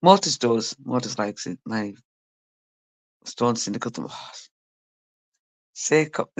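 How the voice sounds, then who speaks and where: A woman on a live stream, talking slowly and easily as she reads out chat comments. She teases and jokes with viewers, laughing often and swearing freely. Her voice sounds close and dry, with no room sound around it. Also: very deep voice, expressive, dry recording. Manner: teasing banter, frequent laughter and swearing. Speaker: livestreamer reading chat. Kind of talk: casual chat with a live audience.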